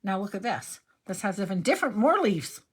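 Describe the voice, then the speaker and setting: A woman's voice: mid-range voice, sing-song, a little fast, slightly rough. An older woman hosting a card-making tutorial, talking in a rambling, chatty way and drifting into personal stories as she works. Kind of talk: chatty crafting demonstration.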